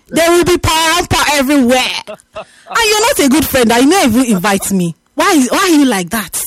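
A woman's voice: high voice, very animated, moderate pace, no room sound. A woman hosting a radio prank call, teasing and exclamatory with sing-song repetitions. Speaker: radio host. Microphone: studio microphone.

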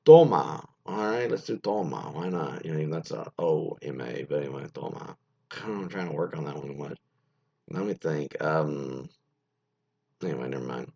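A man's voice: extremely low pitch, lively intonation, normal speed, gravelly, darkish tone, breathy edge, muffled recording. A man hosting a podcast alone, reading from an article and rambling through offhand, profane asides with many fillers. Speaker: podcast host. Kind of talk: casual solo commentary reading from an article.

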